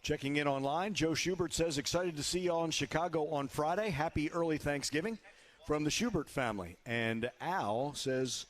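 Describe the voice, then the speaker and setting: A man hosting a sports radio show, with a brisk, upbeat broadcaster delivery as he leads into a break and reads out listener messages. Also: on the high side. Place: live broadcast from a barbecue restaurant.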